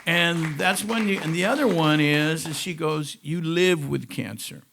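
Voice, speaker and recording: Guy with a rough gravelly voice telling his survival story to a crowd, chatty and wandering off on tangents. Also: a little high, unhurried, background noise. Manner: conversational, digressive storytelling. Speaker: cancer survivor giving a testimonial. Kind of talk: personal testimonial talk to an audience. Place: in front of a live audience.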